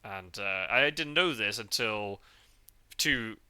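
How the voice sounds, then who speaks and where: Podcast host from the UK, man, very bright, lowish voice, loose rambling chat. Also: expressive, slow, smooth. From United Kingdom. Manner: chatty, rambling, full of fillers and restarts. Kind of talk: casual chat. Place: parked car.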